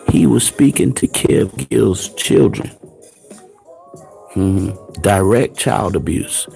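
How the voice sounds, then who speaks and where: Gravelly, confrontational male commentator. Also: on the low side, warm tone. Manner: confrontational, preachy, taunting rhetorical questions. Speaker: online show host. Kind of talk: ranting commentary.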